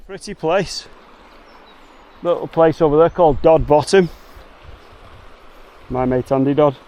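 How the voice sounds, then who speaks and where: A man's voice: fairly high pitch, unhurried, dark tone. Upbeat Liverpool man vlogging a wet hike. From England. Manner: chatty, cheery, slangy, addresses viewers as legends. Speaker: hiking vlogger. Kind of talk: casual walking vlog. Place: outdoors on wet fells, later in a car.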